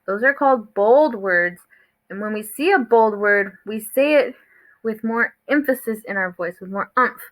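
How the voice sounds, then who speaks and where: A woman teacher who is reading a picture book aloud to her students, explaining things slowly and encouragingly. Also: on the high side, expressive, poor audio.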